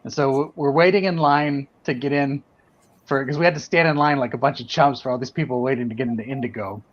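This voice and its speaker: A man telling a lively anecdote in casual chat on an art stream, acting out the quotes. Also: mid-range voice, quick pace. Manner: animated anecdote teller, acts out quotes. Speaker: artist on a drawing livestream. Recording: dull lo-fi stream audio.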